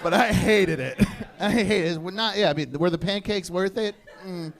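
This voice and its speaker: High-voiced man doing crude stand-up. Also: normal speed, gravelly, crowd noise. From Maine, USA. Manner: crude, self-deprecating storytelling with shouted impressions. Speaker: stand-up comedian. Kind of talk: stand-up comedy set. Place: comedy stage before a laughing audience.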